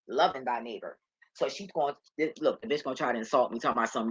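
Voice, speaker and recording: A woman's voice: rumbling low, quick pace, slightly rough, no room sound, muffled recording. A woman vlogger telling a story in a blunt, heated, profane rant.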